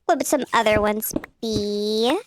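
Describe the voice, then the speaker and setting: A woman's voice: unhurried, noisy background. A woman streamer talking through a voice changer set to a cutesy uwu voice, bubbly and rambling. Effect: pitched-up voice changer.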